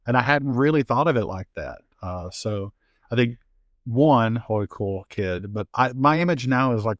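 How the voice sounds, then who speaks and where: A man with a warm Appalachian accent talks in a relaxed interview, spinning animated stories and slipping into the voices of people he quotes. He laughs easily between points. The sound is close and dry, with no room around it. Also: medium pitch, moderate pace, dry recording. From Appalachian United States. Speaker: author and guest. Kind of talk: casual interview conversation.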